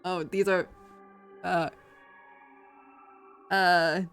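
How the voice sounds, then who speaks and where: A woman streamer making casual, quick asides while reading a game aloud. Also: lowish voice, little pitch movement, soft background music. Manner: laughing asides, quick quiet reactions.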